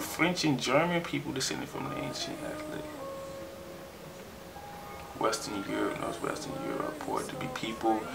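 A young man in his twenties, chatting excitedly in a casual vlog and trailing off as he reads his results aloud. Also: lowish voice, vocal fry. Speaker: vlogger.

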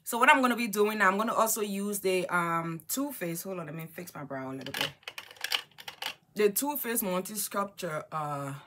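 A woman vlogger chatting excitedly while doing her makeup, talking casually and repeating herself often. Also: mid-range voice, moderate pace, background noise. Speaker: beauty vlogger. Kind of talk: casual get-ready-with-me chat.

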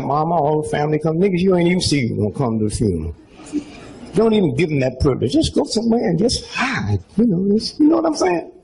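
Man in his seventies, stand-up storyteller, rambling folksy asides, high gravelly voice, faint room noise. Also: low-quality recording. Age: 70s. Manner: folksy, rambling storytelling with asides like "huh?" and "you know what I'm saying?". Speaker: comedian. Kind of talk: stand-up storytelling to a live audience.

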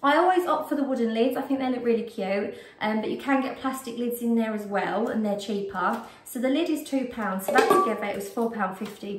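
A woman's voice: on the high side, heavy background noise. A British woman vlogging a casual shopping haul at home, chatty and rambling with frequent ums, a bit out of breath. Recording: roomy echo, distant mic.

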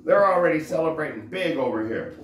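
A man giving an informal scripture teaching as a religious teacher, halting and often searching for words. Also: on the high side, lively intonation. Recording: roomy echo, faint background noise.

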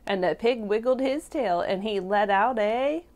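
Woman reading a picture book aloud. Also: medium pitch. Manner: expressive, slow, questions to the children. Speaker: preschool teacher. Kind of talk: storybook read-aloud for toddlers.

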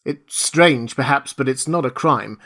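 A man's voice: medium pitch, unhurried, a bit bright. A man reading an audiobook, voicing an irritable, indignant invisible stranger with haughty protests.

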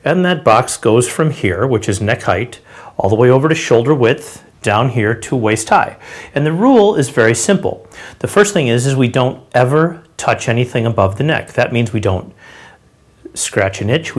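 A man teaching sales body language straight to the camera, showing each gesture with his hands and feet as he explains it in a direct, conversational way. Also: mid-range voice. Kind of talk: instructional talk to camera.

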